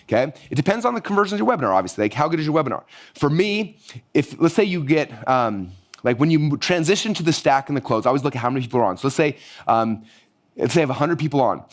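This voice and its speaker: A man teaching a live online marketing workshop, energetic and hyped-up, his voice going hoarse. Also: on the high side. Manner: energetic, hyped-up, rapid-fire. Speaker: marketing course instructor.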